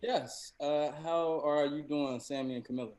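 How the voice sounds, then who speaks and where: A man hosting a game round, halting and full of fillers, laughing at himself. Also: on the high side, fairly even intonation, a little mellow. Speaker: game host. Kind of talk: explaining a game show round.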